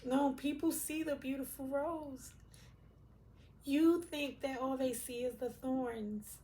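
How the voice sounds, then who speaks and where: A middle-aged woman reading tarot to camera, rambling and searching for words with many fillers, casual cussing and soft, emotional drops. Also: high voice, steady tone, slow pace. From Puerto Rican, raised in Brooklyn and Philadelphia. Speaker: tarot reader.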